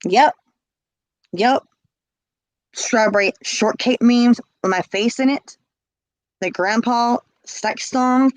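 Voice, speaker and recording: A woman's voice: on the high side, slow, long pauses, dry recording, poor audio. A woman telling her own story in casual speech, blunt and emphatic, often repeating words.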